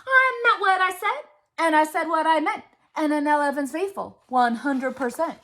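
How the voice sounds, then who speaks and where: A woman's voice: high voice, normal speed, pushed and bright. A woman voicing a kind, patient male elephant in a rhythmic rap-style storybook reading. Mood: determined.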